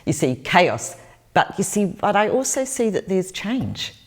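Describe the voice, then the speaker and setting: A woman's voice: medium pitch, very animated, measured pace, slightly rough. A New Zealand woman, in her sixties, answering interview questions as a spiritual teacher, telling stories earnestly and repeating phrases.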